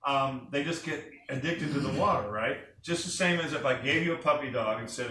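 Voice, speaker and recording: Energetic man presenting in an echoey room. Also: mid-range voice, a little fast. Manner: energetic, enthusiastic, talks to the room with questions. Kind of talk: sales presentation to a small group. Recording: echoey room from a distant mic with faint noise.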